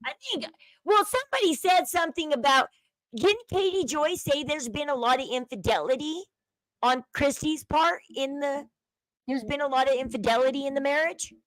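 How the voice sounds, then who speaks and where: A woman hosting her own commentary channel, talking in a high, chatty voice. She speculates freely and slips into a hushed murmur to quote others. The sound is dry and close. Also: moderate pace, no room sound, rough recording. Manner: chatty, speculative, drops to a low murmur when quoting others. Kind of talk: casual commentary over a video clip.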